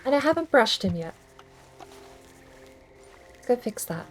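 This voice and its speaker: A woman's voice: fairly high pitch, sing-song, a little slow, soft background music, poor audio. A woman streaming a video game, chatting casually and thinking aloud in a rambling, self-deprecating way. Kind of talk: casual gaming stream chat.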